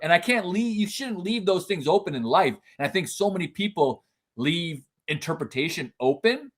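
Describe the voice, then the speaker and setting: A man who is a guest in a casual podcast interview and speaks in an earnest, reflective way with expressive emphasis. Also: sits high, moderate pace.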